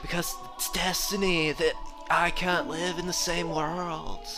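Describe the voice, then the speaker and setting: A laid-back hippie forest sage from a video game drawls out every word very slowly, calling everyone "man", as an Australian man puts her on. The mellow delivery is gentle and unhurried, with the Australian accent under it. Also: on the high side, little pitch movement, over music, voice pushed up, lightly acted.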